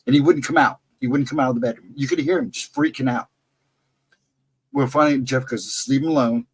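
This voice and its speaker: A middle-aged man tells a story in a loose, rambling way, stopping to correct himself and throw in asides. His voice sits at a middle pitch and has a husky, breathy edge. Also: fairly quick, low-quality recording. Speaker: storyteller on a live chat show. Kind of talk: casual storytelling.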